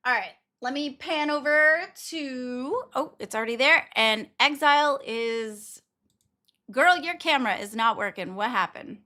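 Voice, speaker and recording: Young woman stream host, high and bright voice, blunt casual talker. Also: lively intonation, measured pace. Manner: blunt, swears freely, laughs often. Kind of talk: casual livestream chat.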